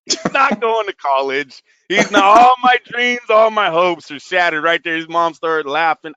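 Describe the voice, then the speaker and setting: A man in his thirties telling animated stories in casual chat, swearing heavily. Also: high voice, moderate pace, no echo, dull audio. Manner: animated storytelling, heavy swearing. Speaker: podcast co-host.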